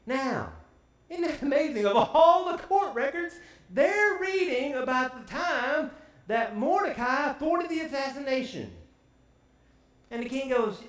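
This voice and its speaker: A male preacher retells a story for his congregation, lively and quick to throw questions out to the pews. His voice sits high, and it rings around a roomy church sanctuary. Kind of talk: storytelling sermon.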